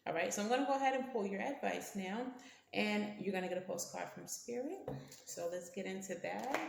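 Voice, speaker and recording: A woman's voice: mid-range voice, expressive, fairly quick, creaky, heavy background noise. A woman giving a casual tarot reading, blunt and slangy, cursing freely and talking to her cards. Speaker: tarot reader. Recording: roomy echo.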